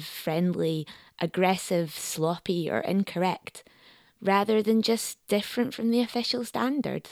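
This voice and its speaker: A woman, a sociolinguist presenting and interviewing in clear, measured explanation. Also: fairly low pitch, no room sound. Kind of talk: documentary narration and interviewing.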